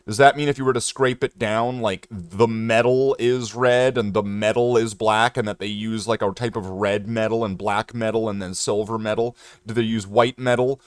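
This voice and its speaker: A man's voice: on the low side, normal speed, no echo, clean studio sound. A man from Canada hosting a casual livestream, rambling and joking with chat while he paints miniatures. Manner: rambling, jokey, talks to chat. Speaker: streamer.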